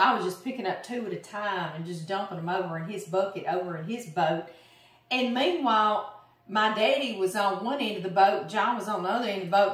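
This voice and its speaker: A middle-aged woman with a Louisiana accent, hosting a cooking video and telling a long, sarcastic family fishing story in a chatty, animated way. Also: mid-range voice. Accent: Southern US, Louisiana. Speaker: cooking channel host. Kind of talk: casual storytelling while cooking. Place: home kitchen. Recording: roomy kitchen, mic at a distance. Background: chopping and kitchen clicks.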